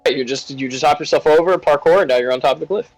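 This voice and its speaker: A man's voice: fairly high pitch, fast, faint music behind, rough recording. A man narrating as dungeon master in a tabletop game, in a loose and chatty way.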